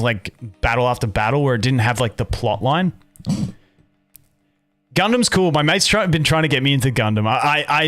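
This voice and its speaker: A man's voice: fairly high pitch, a bit bright. A man with an Australian accent, born in Canada, chatting loosely with his viewers as a gaming streamer, full of "like" and "dude". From Canada, raised in Australia. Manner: rambling, chatty, frequent "like" and "dude". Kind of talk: casual chat with live chat. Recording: faint music behind.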